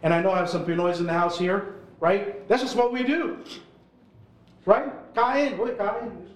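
A man's voice: sits high, expressive, normal speed. A man in his forties, an urban ministry worker, telling stories to a live audience at an event. He keeps it casual and chatty, with lots of "like" and "right?". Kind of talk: live storytelling talk. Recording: roomy hall sound.

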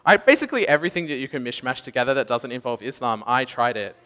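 A young man giving a lively testimony sermon, acting out quotes and laughing as he tells his story. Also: mid-range voice, fast, background noise. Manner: animated storytelling, acts out quotes, laughs often. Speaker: preacher. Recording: echoey hall.

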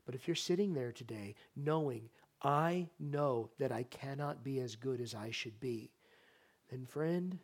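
A male pastor preaches in a church sanctuary with impassioned energy, shifting from loud exhortation to soft, earnest appeals and putting questions straight to the congregation. His voice is mid-range and his pace measured.

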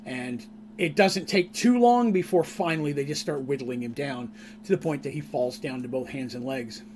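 A man, the game master, recounting a tabletop session in a casual, rambling, animated way. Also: mid-range voice, normal speed, slight background noise. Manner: animated, rambling, laughs at his own story.

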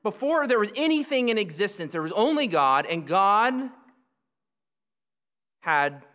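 Bright-voiced man preaching a sermon. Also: high-pitched, sing-song, big-room sound. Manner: teaching, explanatory, with many restarts and slow emphatic phrases. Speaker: pastor.

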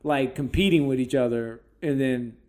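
A man hosting a casual podcast chat, swearing freely and breaking into animated comic impressions as he tells stories. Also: mid-range voice, moderate pace.

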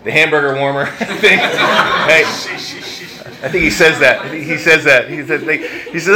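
A man's voice: on the high side, moderate pace, pushed and bright. A man preaching a sermon in a church, in a conversational, reflective way that thinks aloud with fillers and restarts. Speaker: pastor.

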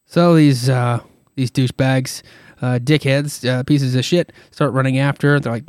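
A man's voice: mid-range voice, fairly even intonation, moderate pace, a little mellow, clean tone, no echo, clean studio sound. A man hosting a podcast, casually retelling a comic with many fillers and irreverent asides, his throat tired. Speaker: podcast host.

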